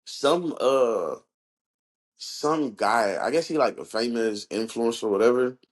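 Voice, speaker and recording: A man's voice: medium pitch, lively intonation, a little slow. A young man co-hosting a podcast, telling stories in loose, profane slang. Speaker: podcast co-host. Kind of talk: casual chat.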